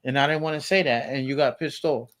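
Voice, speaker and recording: A man in a heated family argument as a father, talking in a raised, forceful, lecturing way. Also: medium pitch, steady tone, fast. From United States.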